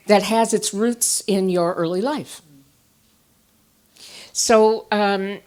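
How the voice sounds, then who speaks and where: Animated woman therapist lecturing on stage. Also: medium pitch. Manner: animated storyteller, swings from quiet asides to emphatic bursts. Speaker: therapist giving a conference talk. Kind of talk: live conference lecture with personal stories. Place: stage at a conference.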